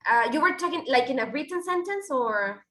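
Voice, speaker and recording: A woman's voice: high-pitched, animated, normal speed, a bit bright. Woman teaching in an echoey room. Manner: explains with many restarts and fillers, switching into Spanish. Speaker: English teacher. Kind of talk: online class explanation.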